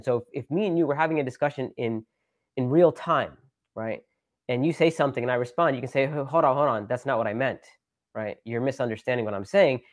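A preacher talks casually on a live stream, rambling with lots of fillers and restarts and repeating phrases with shifting emphasis. His voice is medium-pitched, with no room sound.

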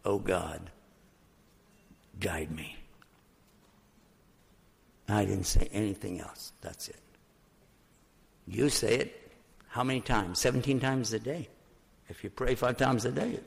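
An older man preaching in a storytelling sermon, animated and then hushed when he speaks of prayer. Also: medium pitch. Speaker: preacher telling his conversion story.

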